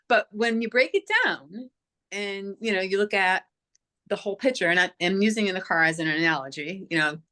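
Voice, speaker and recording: A woman's voice: medium pitch, moderate pace, pushed and bright. A woman in a casual group chat on a video call, thoughtful and agreeable.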